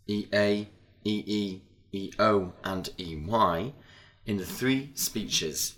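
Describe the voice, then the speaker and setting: Man, low voice, very slow pace, scripted lesson narration, careful word-by-word reading. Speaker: narrator of language-lesson audio.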